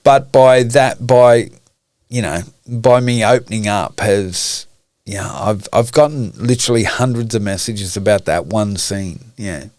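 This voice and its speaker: Low-pitched aussie bloke, blunt and emotional, swears a lot, dry close sound. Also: male voice, unhurried, darkish tone, no room sound. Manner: frank, emotional, swears often. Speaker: podcast guest. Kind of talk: candid conversation.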